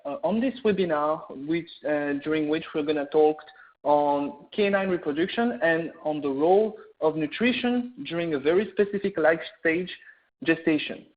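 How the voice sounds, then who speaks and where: Brief: French-accented male vet lecturer, middle-aged, earnest with frequent fillers; slightly high voice, thin phone-like webinar audio. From France. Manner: earnest, many "uh" fillers and restarts. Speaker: veterinarian presenting a webinar. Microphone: video call or webinar mic.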